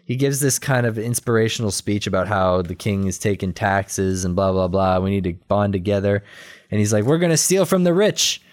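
A man in casual chat, retelling a cartoon episode in a rambling, animated way with quick quoted voices and laughter. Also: fairly low pitch. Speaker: podcast co-host recapping a cartoon episode.

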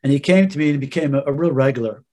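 A man's voice: mid-range voice, rapid-fire, warm tone. A man as a podcast guest, telling a personal story in an earnest, rambling way with restarts.

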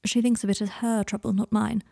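Fretful, formal young wizard man, voiced by a woman reader, slightly raised pitch, gentle tone. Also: level tone, brisk, creaky, no echo, studio quality. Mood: earnest.

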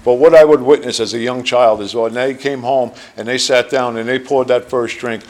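Speaking at a recovery meeting, this sixty-something man with a New Jersey accent shares his personal testimony with a room of listeners. His pitch is plain and middle-range, and his earnest telling wanders, full of fillers.

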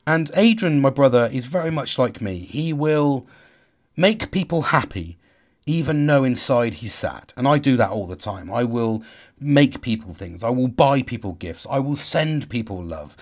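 A middle-aged man talking in a raw personal video diary, emotional and halting, swearing and repeating himself as he speaks to his audience. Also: mid-range voice, lively intonation.

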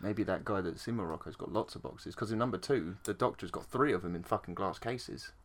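A man's voice: deep voice, fairly quick. Sweary, laughing English man. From England. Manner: sweary, laughs often, animated retelling. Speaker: podcast co-host. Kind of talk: casual film chat.

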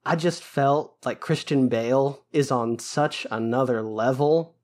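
A man co-hosting a podcast who speaks in a measured, wry way as he weighs in on films. His voice sits in an ordinary middle pitch. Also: darkish tone. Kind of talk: casual movie review chat.

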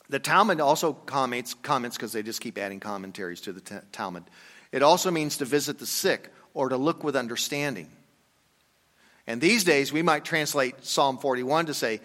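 An older man preaching a conversational sermon, telling a story and dropping into quiet asides. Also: medium pitch. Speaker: pastor. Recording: long reverb from a hall.

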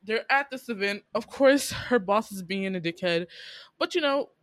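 A woman casually recapping a drama episode, animated and laughing as she acts out the characters' lines. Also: mid-range voice, moderate pace, dry recording. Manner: animated storytelling, laughing often, acting out lines. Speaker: podcast co-host recapping a drama. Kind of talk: casual chat.

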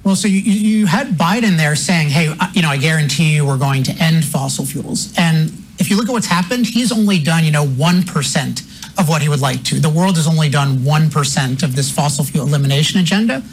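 A man speaking as an author guest on a TV interview. He lays out his argument quickly and articulately, in a fairly high voice. Faint noise runs under the clip. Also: expressive, rough recording. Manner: brisk, articulate, lecturing. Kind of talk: fast explanatory argument.

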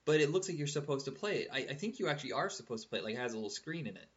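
A man in his thirties hosting a casual podcast, chatty and animated, given to swearing as he tells stories. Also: mid-range voice, rapid-fire. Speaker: podcast host. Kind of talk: casual chat. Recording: dull lo-fi podcast audio.

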